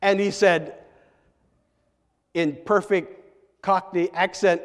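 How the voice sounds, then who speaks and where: A man preaching a sermon as a pastor, telling a story in an unhurried way with emphatic rises, heard in the long reverb of a church sanctuary. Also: sits high.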